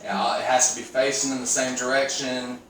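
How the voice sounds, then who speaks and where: A man's voice: mid-range voice, little pitch movement, fairly quick, a bit bright. A man co-hosting a casual podcast chat, telling stories with a lot of swearing and laughter. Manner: profane, laughing storyteller. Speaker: podcast co-host. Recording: echoey room from far off, some noise.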